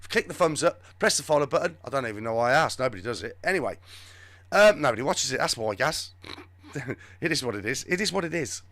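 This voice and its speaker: A man's voice: medium pitch, lively intonation, quick pace, pushed and bright, no echo. A man hosting a live show, giving rambling, sarcastic, off-the-cuff commentary on the news. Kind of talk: live political commentary chat.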